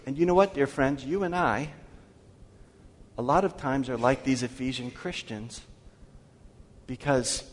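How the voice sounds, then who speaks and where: A man preaching a sermon as pastor, asking his congregation questions and slowing down to read scripture aloud. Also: mid-range voice. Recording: long hall reverb.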